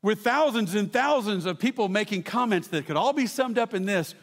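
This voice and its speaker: A man preaching a sermon as pastor, telling stories with lively asides to the congregation. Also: sits high, fairly quick, in a large hall. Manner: animated storytelling with asides to the congregation.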